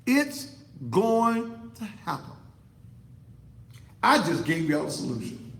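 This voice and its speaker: A man's voice: high voice, sing-song, slow, creaky, fairly bright tone, reverberant, rough recording. A man delivering a fiery, preachy commentary monologue to camera as an online talk show host, repeating himself for emphasis. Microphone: computer setup facing a monitor.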